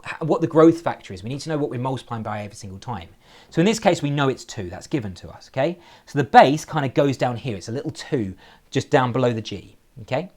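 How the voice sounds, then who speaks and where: A man teaching a recorded maths lesson, explaining step by step and checking in with "okay?" after nearly every sentence. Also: medium pitch. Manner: lively, shifting emphasis, slows down to spell out key phrases.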